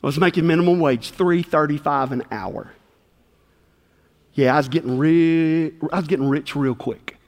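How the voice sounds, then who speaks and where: A man's voice: fairly high pitch, normal speed. A middle-aged man preaching a sermon, telling folksy personal stories and acting out the dialogue. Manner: animated, folksy storytelling with acted-out dialogue. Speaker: pastor. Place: church sanctuary. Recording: long hall reverb.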